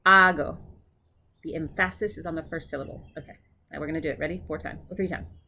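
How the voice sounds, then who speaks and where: A woman tutoring her classmates, casually explaining each word and then repeating it slowly and clearly. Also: deep voice, fairly even intonation, a little hiss or hum. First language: English. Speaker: seminary student tutoring classmates. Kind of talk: informal pronunciation drill.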